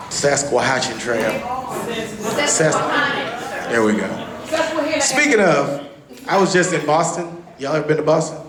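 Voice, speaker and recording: A man from Texas doing a stand-up comedy set on a club stage, talking loud and animated, swearing a lot and acting out what people said. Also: mid-range voice. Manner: loud, animated, profane, acts out quotes. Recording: roomy club recording.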